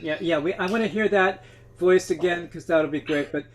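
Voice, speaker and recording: Man, high voice, host, eager casual chat, video call. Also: moderate pace.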